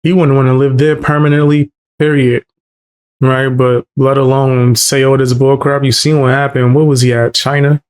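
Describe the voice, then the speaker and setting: A man's voice: medium pitch, level tone, normal speed, darkish tone, clean tone. A man co-hosting a stream, laid-back and agreeing in casual chat. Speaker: co-host.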